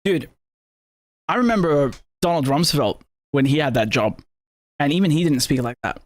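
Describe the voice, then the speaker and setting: A man hosting live news commentary, his voice sitting a touch high. He speaks indignantly, stumbling over repeated words and tossing out rhetorical questions as he goes. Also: animated, moderate pace. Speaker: political commentator and host.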